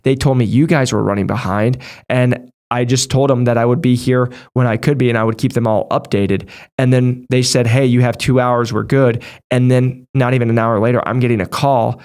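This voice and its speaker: A man coaching new sales reps in a brisk, direct way. He talks fast and stays conversational, speaking straight to his viewers at a medium pitch. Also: fairly even intonation, a little mellow, clear, resonant tone. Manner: direct, conversational, talks through past situations. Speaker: medical device sales trainer. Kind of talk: casual advice talk to viewers.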